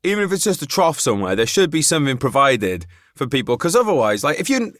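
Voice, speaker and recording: A man hosting a podcast in loose, rambling chat, his pitch in a middle range. He fills his talk with "like" and swears freely. The recording is dry and close-miked. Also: big pitch swings, fast, a bit bright, dry recording. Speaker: podcast host. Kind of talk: casual chat.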